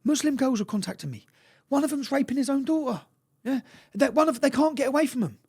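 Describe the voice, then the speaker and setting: A man's voice: very high-pitched, lively intonation, fast talker, a little mellow. A man, a guest telling stories with insistent energy and ending his phrases with questioning "yeah?" tags. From England. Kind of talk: impassioned storytelling in conversation.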